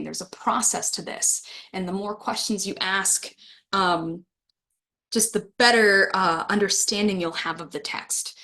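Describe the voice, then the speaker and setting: A woman's voice: medium pitch, gravelly, a bit bright. A woman presenting a webinar for teachers, talking casually and friendly, reacting to comments from the chat. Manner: friendly, laughs with the chat, reads comments aloud. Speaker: webinar presenter for adult educators.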